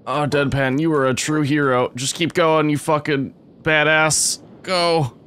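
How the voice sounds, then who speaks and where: A young man giving gameplay commentary, swearing often and breaking into excitable outbursts. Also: on the high side, a little slow, clear, resonant tone. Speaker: let's play host.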